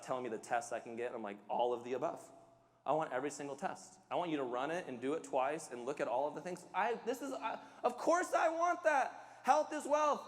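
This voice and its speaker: A man's voice: extremely high pitch, a bit bright, long reverb tail. A man, a pastor, giving a sermon in a conversational, emphatic way, joking about himself. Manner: emphatic, conversational preaching with self-deprecating humor.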